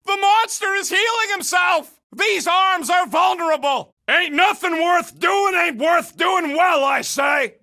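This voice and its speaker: An actor playing a gruff, wisecracking male raccoon gunner in a video game, yelling brash, sarcastic combat callouts. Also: very high-pitched, exaggerated voice. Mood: frantic battle yelling.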